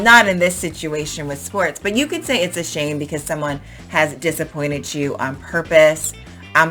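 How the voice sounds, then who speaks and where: A woman's voice: sits low, bright, forceful tone. A woman teaching English vocabulary in a chatty, explanatory way, with everyday examples and fillers. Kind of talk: casual explanatory lesson.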